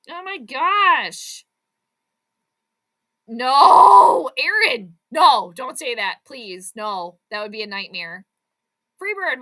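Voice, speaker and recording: A woman's voice: a little high, bright, forceful tone. A woman hosting live sports commentary for her stream, exasperated and sarcastic about her team's play. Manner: exasperated, sarcastic, fired-up fan. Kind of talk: live game commentary and chat.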